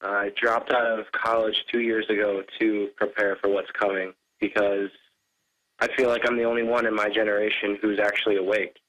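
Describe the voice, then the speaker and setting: A man's voice: lowish voice, little pitch movement, normal speed, a bit bright, low-quality recording. A man in his twenties calling in to a radio show, earnest and urgent as he explains his question. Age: 20s. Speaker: caller. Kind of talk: call-in conversation.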